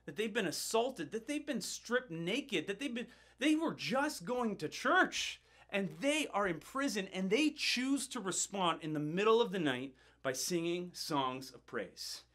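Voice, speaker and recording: A middle-aged man preaching, his voice sitting a little higher than most men's. He tells a personal story in an animated way, building tension and often doubling his words as he goes. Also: measured pace, few pauses. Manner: animated, building tension, frequent word repeats. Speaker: pastor. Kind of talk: sermon storytelling.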